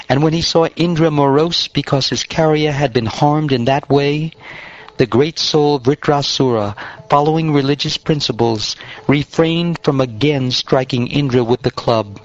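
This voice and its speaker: A male audiobook narrator reading scripture in a measured, solemn way. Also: fairly high pitch. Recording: dull lo-fi audio.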